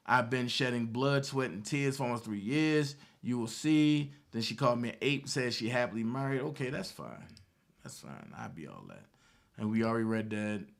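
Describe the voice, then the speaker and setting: A man's voice: mid-range voice, bright, forceful tone. A man from Baltimore reading out text messages and answering them with indignant, mocking commentary, repeating his points for emphasis. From Baltimore, Maryland. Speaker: online commentator.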